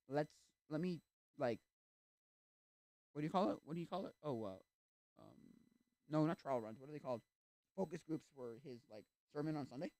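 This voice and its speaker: A man's voice: on the high side, no echo. A young adult man chatting casually on a livestream, rambling through tangents with lots of fillers. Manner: rambling, full of fillers and tangents, acts out quoted voices. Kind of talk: casual chat.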